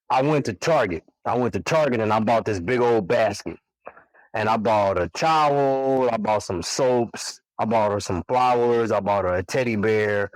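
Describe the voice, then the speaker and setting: A man in his forties tells a story in a loose, conversational way, voicing the people in it as he goes. His pitch sits in an ordinary middle range, and the sound is close and dry, with almost no room around it. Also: no room sound, poor audio. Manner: relaxed, animated storytelling with quoted dialogue. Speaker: podcast guest, single father.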